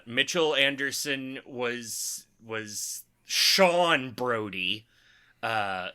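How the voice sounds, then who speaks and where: A man co-hosting a podcast in loose, casual chat. His voice is bright and his pitch moves a lot. He takes his time, and jokes and laughs often. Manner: joking, laughs often, drawn-out phrasing. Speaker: podcast co-host.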